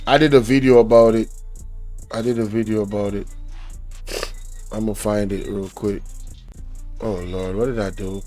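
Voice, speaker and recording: A man's voice: lowish voice, a little mellow. A man with a Jamaican accent hosting a reaction channel, talking to viewers in an indignant, preachy way. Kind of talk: casual reaction commentary.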